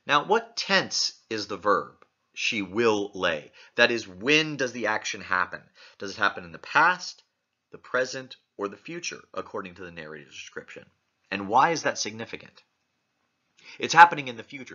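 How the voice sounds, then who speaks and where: A male literature lecturer works through a text, stopping often to pose questions to his listeners. His voice is fairly low and very bright, almost sharp. The recording sounds muffled and lo-fi. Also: expressive, moderate pace. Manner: asks many questions, reads passages aloud. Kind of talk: close-reading lecture.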